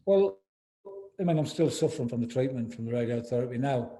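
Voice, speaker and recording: A man in his sixties being interviewed, speaking candidly and haltingly, with many repeated words and "you know"s. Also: mid-range voice, animated, dark tone. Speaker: interview guest, former footballer.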